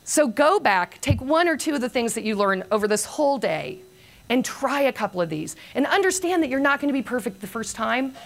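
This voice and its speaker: An older woman giving a motivational conference talk, telling a long anecdote with self-mocking humor and lively storytelling. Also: fairly high pitch, a little fast. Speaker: keynote speaker.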